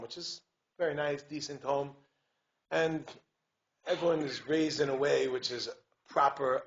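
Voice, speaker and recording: A man, a rabbi giving a community talk, telling stories in an animated way, acting out voices and dropping "right?" asides and restarts. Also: mid-range voice. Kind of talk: lively storytelling lecture. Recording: dull lo-fi recording with faint hiss.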